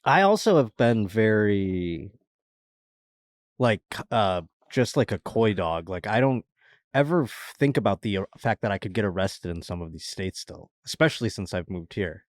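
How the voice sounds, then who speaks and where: A man, a comedian guest on a podcast, telling rambling, animated anecdotes in casual chat and laughing at himself. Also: on the low side, moderate pace, no echo, studio quality.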